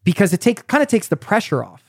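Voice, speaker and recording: A man's voice: high-pitched, big pitch swings, fast, vocal fry, a little mellow, husky, dry recording, studio quality. A man hosting a conversational podcast interview, chatty and asking probing questions. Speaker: podcast host.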